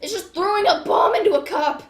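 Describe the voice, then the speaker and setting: A woman's voice: extremely high pitch, a little fast, roomy sound, crowd noise. A woman making dry, sarcastic quips while playing a game. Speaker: let's play co-host. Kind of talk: casual gaming chat.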